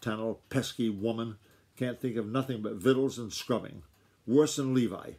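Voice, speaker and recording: Man doing a gruff old country farmer grandfather: rustic drawl, warm, slightly husky. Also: medium pitch, normal speed. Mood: snapping. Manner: rustic drawl, blustery then gentle.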